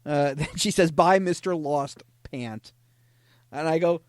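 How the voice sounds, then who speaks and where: A man hosting a podcast, casually retelling chat conversations with a deadpan, joking manner. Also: a little high, measured pace, no echo, clean studio sound. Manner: deadpan retelling, frequent "I go, she goes". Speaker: podcast host reading scam chats.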